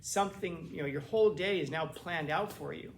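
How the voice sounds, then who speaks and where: A man's voice: a little high, a little fast, creaky, a little hiss or hum. A male teacher giving a casual classroom lecture, acting out quotes with lots of restarts. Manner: casual, animated, acts out quotes with frequent restarts.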